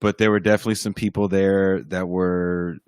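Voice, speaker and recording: A man's voice: deep voice, level tone, fairly quick, darkish tone, clean tone, no echo. A man on a podcast, casually telling a story, swearing freely and acting out other people's voices when he quotes them. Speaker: podcast guest, band musician. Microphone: podcast mic over a livestream.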